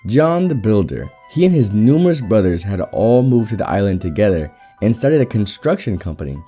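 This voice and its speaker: Male narrator for read-aloud stories, lowish, mellow tone, steady and wry. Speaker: story narrator. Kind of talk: reading an online story aloud.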